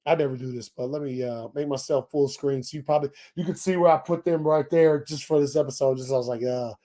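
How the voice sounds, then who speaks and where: A man's voice: mid-range voice, fairly even intonation, quick pace, dark tone. A man hosting a live-streamed show, talking loosely with lots of restarts and swearing. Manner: loose, profane, rambling with many restarts. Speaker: podcast host. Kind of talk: casual chat.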